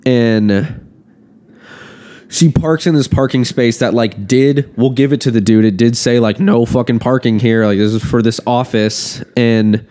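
A man's voice: mid-range voice, fairly even intonation, a little slow, mellow. A young man telling a story on a podcast in casual chat, swearing often and rambling with lots of fillers. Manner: profane, rambling, heavy on fillers. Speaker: podcast co-host.

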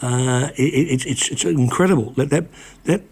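An older man, a former reporter, talking as a guest in a casual conversation, halting often with restarts and repeated words. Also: medium pitch, a little mellow, breathy edge.

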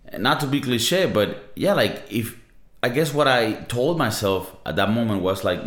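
A man's voice: mid-range voice, lively intonation, a little fast, a bit bright. A young man with a Latin American Spanish accent hosting a podcast, talking in a casual, profane, slangy monologue. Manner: laid-back, profane, slangy. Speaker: podcast host. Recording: roomy echo.

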